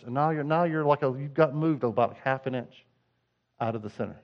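A man's voice: medium pitch, brisk. Middle-aged guy pastor preaching, chatty then fired up, kinda muffled recording. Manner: conversational, swings from hushed to fervent. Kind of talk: sermon.

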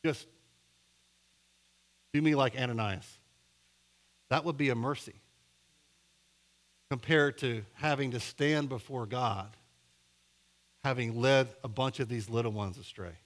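A middle-aged male pastor preaching a sermon, telling a story with a voice that goes from hushed and low to loud and emphatic. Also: measured pace, long pauses.

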